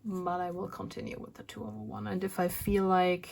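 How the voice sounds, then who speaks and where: Chatty breathless woman with gravelly fry. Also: medium pitch, level tone, a little fast, darkish tone. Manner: chatty, rambling, with restarts and asides. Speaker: flosstube host. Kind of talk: casual show-and-tell vlog.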